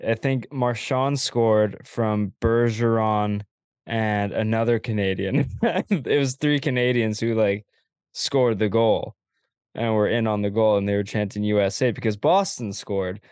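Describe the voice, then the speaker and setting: A man hosting a casual hockey podcast with a lowish voice, recorded close and dry with no room sound. He talks relaxed and agreeable, easily laughing along. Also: measured pace, smooth, dry recording. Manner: relaxed, agreeable, laughs often, hands off questions. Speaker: podcast host. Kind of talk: casual sports talk.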